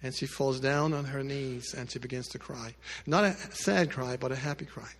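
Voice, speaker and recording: A man's voice: medium pitch, normal speed. Male pastor preaching to the congregation, middle register, dynamic delivery, reverberant church hall. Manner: swings between loud emphatic lines and quiet hushed ones; speaks directly to the congregation with asides. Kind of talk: sermon storytelling.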